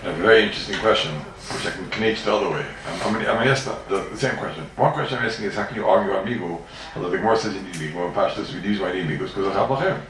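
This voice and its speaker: Racing through a yeshiva-style Talmud lecture, this low-pitched, slightly bright-voiced man fires off questions and repeats phrases in an emphatic, sing-song way. He sits far off the mic, with a roomy echo around him.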